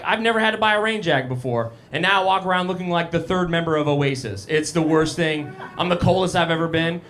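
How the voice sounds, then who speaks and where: A young man does stand-up on a small cafe stage, his voice sitting fairly high for a man. He talks loosely and casually, riffing with the crowd and poking fun at himself into a handheld mic. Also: fairly bright tone. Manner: casual, self-deprecating banter with the crowd. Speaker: stand-up comedian. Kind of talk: live stand-up set. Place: live comedy cafe stage.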